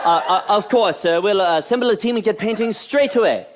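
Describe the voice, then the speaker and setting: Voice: medium pitch, brisk, noisy background, lightly acted. An actor playing an eager, nervous male officer in a stage musical parody, fawning and hesitant with his boss. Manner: obsequious, hesitant.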